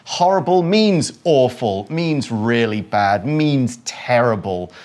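Expressive male English teacher. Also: mid-range voice, slow. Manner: friendly, expressive, gives examples. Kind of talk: explaining vocabulary on an English lesson show.

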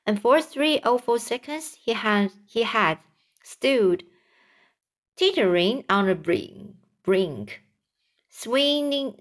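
A woman reading a children's book aloud, slowly and carefully, with small restarts and repeated words, raising her voice for the characters' lines. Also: mid-range voice, fairly bright tone. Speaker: reader.

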